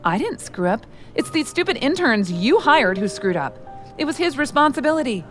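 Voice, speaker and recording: A woman doing a shrill, bossy young woman. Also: very animated, normal speed, faint music behind. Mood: angry. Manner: shrieking, scornful.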